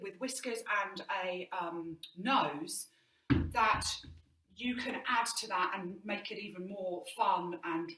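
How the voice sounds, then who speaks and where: A woman's voice: mid-range voice, fairly bright tone. A woman drama teacher giving an online movement lesson indoors, encouraging and demonstrating as she explains. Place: indoor room. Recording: roomy, mic at a distance.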